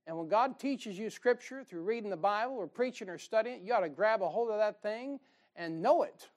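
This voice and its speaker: A man delivers a sermon. He talks in a folksy, joking way and often rises into loud, fired-up bursts of preaching. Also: sits high, animated, fairly quick.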